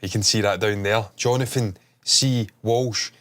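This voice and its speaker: A man's voice: fairly low pitch, steady tone, measured pace, fairly bright tone. Brief: male host, blocked nose, loose rambling delivery, casual swearing. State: stuffed-up nose. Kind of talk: casual chat stream.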